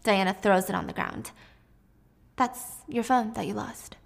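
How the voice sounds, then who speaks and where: A woman's voice: unhurried, vocal fry. A woman doing a cold, vengeful woman. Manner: cold, low, menacing.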